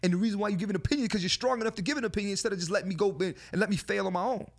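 Animated podcast host, man. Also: sits high, very fast. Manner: animated, swearing, repeats "you know what I'm saying". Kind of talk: casual podcast chat. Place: studio.

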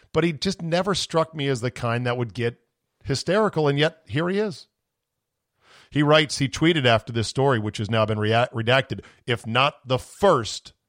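A man's voice: medium pitch, a bit bright, dry recording, clean studio sound. A man hosting a sports podcast, ranting sarcastically with profanity, his voice strained from screaming. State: voice going from screaming. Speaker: podcast host.

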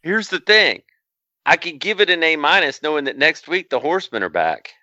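A man co-hosting a casual podcast, with a bright, forward tone. He teases the others and jokes with a profane edge. His audio is dry and a little muffled. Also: on the high side, lively intonation, fairly quick, no echo. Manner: teasing, joking, profane. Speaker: podcast co-host.

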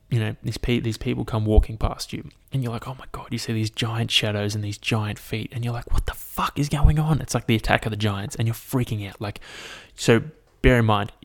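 A young man hosting a solo podcast, talking casually with lots of swearing and fillers. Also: lowish voice. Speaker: podcast host. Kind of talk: solo podcast rant and storytelling.

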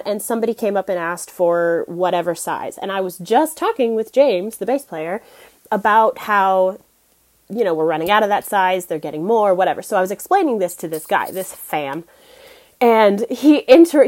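A woman's voice: medium pitch, darkish tone. A young woman from the United States telling casual, self-deprecating stories on a podcast, with many fillers and laughs. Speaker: guest podcast host. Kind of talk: casual storytelling monologue.

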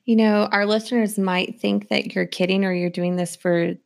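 A woman's voice: mid-range voice, steady tone, moderate pace, gravelly. Playful woman podcast co-host. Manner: playful, does silly voices for her dog. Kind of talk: casual chat.

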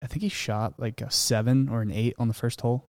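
A man hosts a casual golf betting talk, speaking in an easygoing, matter-of-fact way with plenty of ums and uhs. His voice is mid-pitched and dry, with little room sound around it. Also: a little fast, no echo. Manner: relaxed, filler-heavy, matter-of-fact. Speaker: golf podcast host. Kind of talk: casual sports betting chat.

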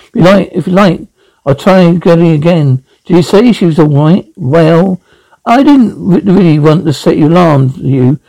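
Man, audio drama, gravelly, slightly high, flat sound cues. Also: no room sound, low-quality recording.

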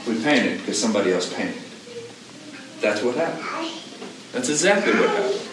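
A man preaching a conversational sermon, asking his listeners questions and repeating his key points in an animated way. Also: mid-range voice, a little fast. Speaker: pastor. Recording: echoey room, distant mic, background noise.

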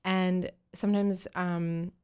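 Actress in her 30s on a podcast, animated and laughy, fairly low voice. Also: takes it slowly, smooth. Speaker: actor and podcast guest. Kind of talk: casual interview chat.

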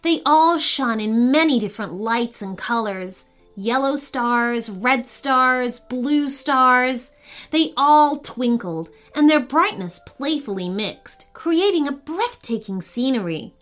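A woman reading a storybook tale aloud as the host, with expressive, lively delivery. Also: high-pitched, slow, soft background music. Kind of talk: scripted storybook narration.

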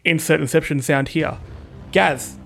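A man's voice: fairly high pitch, expressive, brisk, vocal fry. A young man co-hosting a podcast in casual chat, teasing and joking with his co-host.

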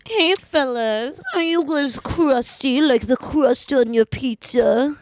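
Comic improv bit: woman plays high, slow, sultry 1930s flirt. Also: slight background noise. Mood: flirty. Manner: slow, drawn-out pickup lines.

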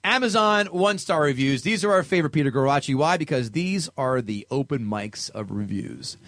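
A man's voice: on the high side, expressive, brisk, few pauses, a bit bright, no room sound. A man co-hosting a comedy film podcast, reading reviews aloud with mock dramatic emphasis.

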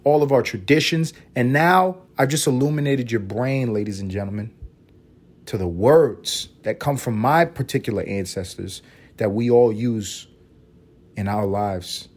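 A Puerto Rican man hosting a podcast, riffing in a loose comedic monologue, profane and animated with sudden loud bursts. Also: medium pitch, measured pace. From Puerto Rico. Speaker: podcast host.

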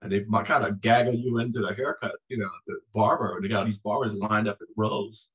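A man in his sixties, a former Marine guest, telling stories in a lively, conversational way and acting out the voices in his anecdotes. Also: on the low side, fairly quick, poor audio. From United States. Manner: animated storyteller, acts out voices in anecdotes. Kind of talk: conversational storytelling.

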